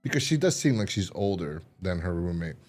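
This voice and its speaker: A man with a low voice co-hosts a casual review podcast, retelling a TV episode fairly quickly. He's very animated, laughing and mimicking the characters as he tells it.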